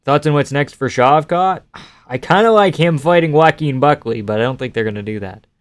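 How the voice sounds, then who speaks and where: A man's voice: on the high side, a little fast, no echo. A male streamer giving casual live fight reactions and reading chat questions aloud, offhand and chuckling, swearing now and then.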